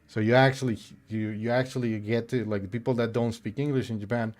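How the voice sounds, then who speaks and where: A man's voice: mid-range voice, steady tone, a little fast, darkish tone. Laid-back rambling male streamer. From Mexico. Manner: rambling, laid-back, many fillers and restarts. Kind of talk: casual chat while gaming.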